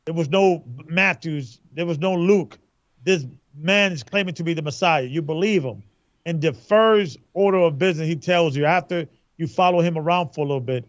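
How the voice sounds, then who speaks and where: A man with a fairly high voice reflects on scripture in a relaxed talk, often stopping and restarting mid-sentence. His voice comes through dull and lo-fi, with no room sound at all. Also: moderate pace, no echo. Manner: hesitant, restarting mid-thought. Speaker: church elder. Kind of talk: casual scripture discussion.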